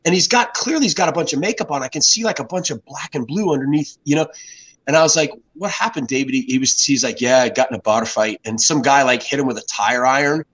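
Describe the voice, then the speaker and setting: A man in his fifties, a guest telling casual anecdotes over beers in an animated, profane way. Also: mid-range voice, fast talker, poor audio. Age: 50s.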